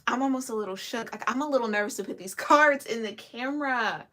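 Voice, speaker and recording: A woman giving a casual tarot reading to camera, chatty and giggly with lively asides. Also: high voice, a little fast, few pauses. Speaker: tarot reader.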